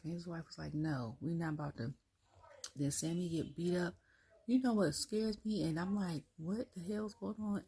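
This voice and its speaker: A woman's voice: fairly low pitch, vocal fry, darkish tone, a little hiss or hum. A woman reviewing wrestling in a casual solo rant, chatty, acting out quotes and laughing often.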